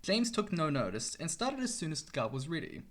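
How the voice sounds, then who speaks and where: Expressive man reading a storybook. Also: fairly high pitch, brisk. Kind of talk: storybook read-aloud.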